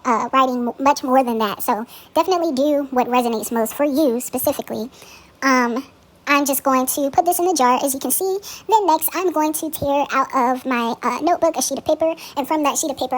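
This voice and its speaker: High-voiced woman casually walking you through a spell, lots of ums, swears now and then. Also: low-quality recording. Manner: relaxed, frequent ums, occasional swearing. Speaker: spiritual practitioner teaching a spell. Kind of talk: casual spoken tutorial.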